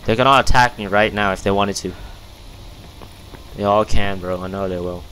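A man's voice: lowish voice, normal speed, sharp tone, slight background noise. A young man giving casual, jumpy commentary while playing a game, often startled and calling everyone "bro". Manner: jumpy, easily startled, says "bro" constantly. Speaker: gaming youtuber.

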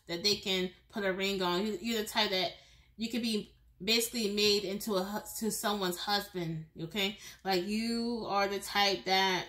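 A woman with a bright, forward voice gives a pick-a-card tarot reading. She talks straight to the viewer in a loose, chatty way, often restarting her sentences and breaking into laughs. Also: mid-range voice. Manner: speaks directly to the viewer. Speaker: tarot reader.

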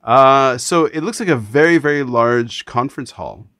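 A man's voice: mid-range voice, normal speed, no echo, clean studio sound. A man from Canada with a Canadian accent, hosting a casual interview over a video call, emphatic and full of restarts. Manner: animated, emphatic, frequent restarts. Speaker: podcast host.

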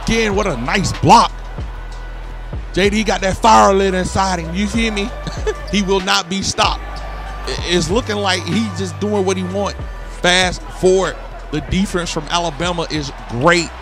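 Brief: young guy, gaming host, casual slang, gets loud on highlights, music in the background. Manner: hyped, hollers and laughs at big plays. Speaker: gaming YouTuber. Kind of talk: excited gameplay commentary. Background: game music.

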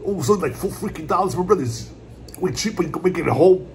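A man's voice: high voice, quick pace, a little mellow, slight background noise. Laid-back man chatting while he eats. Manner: laid-back, rambling, repeats "my brothers" and "puppy". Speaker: mukbang vlogger. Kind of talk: casual eating vlog chat. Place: at home, indoors.

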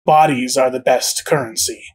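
A game master voicing a weary, conflicted woman captor who confesses in a halting, pleading way. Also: medium pitch, natural voice. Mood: troubled, confessional. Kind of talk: tabletop game character voice.

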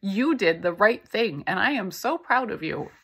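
A woman's voice: mid-range voice, very animated, moderate pace, fairly bright tone, a little hiss or hum. A woman reading the lines of an encouraging young female classroom aide, earnest in manner.

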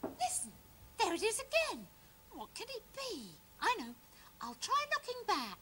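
A woman's voice: extremely high pitch, huge pitch swings, measured pace, very noisy, heavily acted. A woman voicing a vain, chatty female panda puppet in a children's TV comedy. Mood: curious. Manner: chatty and fussy.

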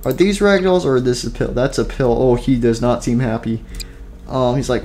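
With faint music behind him, a man with a mid-range, slightly mellow voice talks at a moderate pace while gaming at his computer. This YouTuber's commentary is casual and rambling, filler-heavy and self-deprecating, and he sounds tired and out of breath.

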